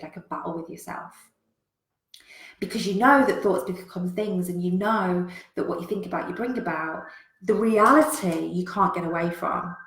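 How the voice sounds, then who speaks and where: Animated woman coach, swearing freely. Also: on the low side. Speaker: business coach. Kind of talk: motivational livestream talk. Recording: roomy echo.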